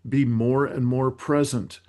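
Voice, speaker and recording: A man hosts a community circle and speaks reflectively. He pauses and restarts his thoughts as he talks, in a gentle manner. His voice sits at an ordinary middle pitch. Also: fairly even intonation. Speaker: host. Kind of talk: reflective group facilitation.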